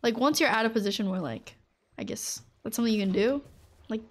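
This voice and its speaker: A fairly high-voiced woman chats through a live gaming stream, rambling from thought to thought. Her talk is loose and filler-heavy, and she breaks into laughter often. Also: animated, fast. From United States.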